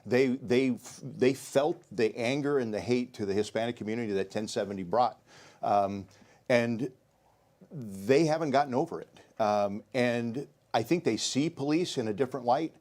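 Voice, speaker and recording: A man's voice: medium pitch, moderate pace, a little mellow. A middle-aged man, a sheriff candidate, answering a debate question earnestly, repeating words and listing points. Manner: earnest, repetitive, lists points.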